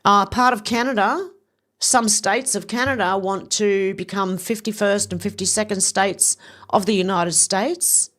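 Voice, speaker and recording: A woman talking through a casual commentary video in a chatty, opinionated way. Her voice sits at an ordinary middle pitch, and she wanders into asides as she goes. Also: fairly even intonation, measured pace, fairly bright tone. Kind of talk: casual commentary reading out social posts.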